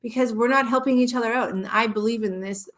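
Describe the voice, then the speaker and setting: A woman's voice: fairly high pitch, steady tone, fast, a bit bright. A woman hypnotherapist speaking as a guest in a live-stream conversation, earnest and passionate, often restarting her sentences.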